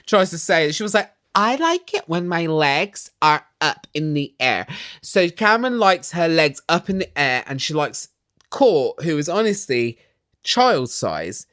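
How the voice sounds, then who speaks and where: A speaker ranting in a casual, gossipy style while recapping a reality TV episode, with exaggerated, animated reactions. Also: mid-range voice, no room sound, clean studio sound.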